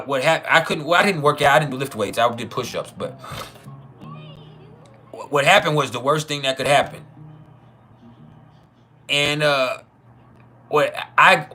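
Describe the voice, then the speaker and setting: A man's voice: fairly high pitch, bright, forceful tone. A man casually telling a personal story, profane and chuckling, with many trailing restarts. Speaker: channel host.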